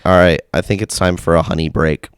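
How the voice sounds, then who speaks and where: Hoarse, gravelly man with a cold. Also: level tone, a little fast, dry recording. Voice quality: raspy, deep. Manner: teasing, laid-back, says "dude" and "dog". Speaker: podcast co-host. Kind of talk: casual chat.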